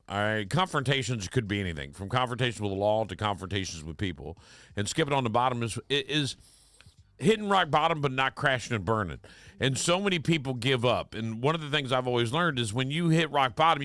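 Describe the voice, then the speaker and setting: Male radio host, 50s, bright forceful voice, dry close sound, animated storyteller. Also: mid-range voice, no room sound. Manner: animated storyteller, emphatic and swearing. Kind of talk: casual chat.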